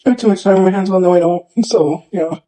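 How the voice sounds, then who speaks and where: Upset man livestreaming, high and soft-toned, rattles on fast with lots of fillers. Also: rough recording. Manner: upset, rambling, repeats himself with many fillers. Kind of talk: emotional livestream rant.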